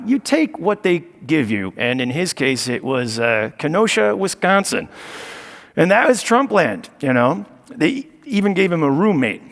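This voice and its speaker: A man's voice: on the high side, gravelly, a bit bright, long reverb tail. A man performing a stand-up comedy set on stage, sarcastic with mock boasting. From United States. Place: stage of a live show venue.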